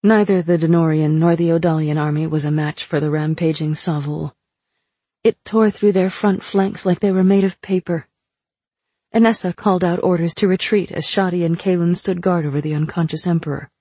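Female audiobook narrator, lowish voice, breathy and dry. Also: steady tone, normal speed, warm tone, no room sound. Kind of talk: scripted narration.

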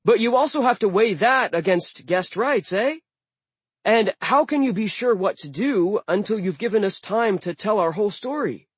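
Shrewd, persuasive male dwarf a man voices, high and husky. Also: expressive, moderate pace, no echo. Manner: persuasive, reasoning.

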